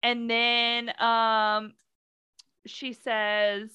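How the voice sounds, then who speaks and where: A woman's voice: a little high, level tone, extremely slow, pushed and bright, smooth, dry recording, lo-fi sound. A woman co-hosting a podcast in casual chat, retelling a book scene with sarcastic asides and acting out the characters' lines. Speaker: podcast co-host.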